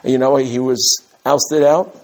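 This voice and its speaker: A man, from Brooklyn, giving an animated mussar talk to his students as a rabbi, with emphatic rises and humorous asides. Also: medium pitch, measured pace, vocal fry. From Brooklyn, USA. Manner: direct address to his students.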